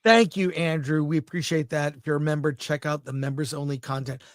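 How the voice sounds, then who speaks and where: A man's voice: fairly high pitch, steady tone, brisk, no echo, clean studio sound. Chatty enthusiastic man co-hosting a film show. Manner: chatty, enthusiastic, describes images aloud. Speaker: podcast co-host. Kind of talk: casual film chat.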